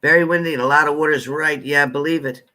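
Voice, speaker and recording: A man's voice: a little high, fairly even intonation, racing, sharp tone. A man hosting a live tarot stream, chatting casually and greeting viewers by name with familiar terms like honey.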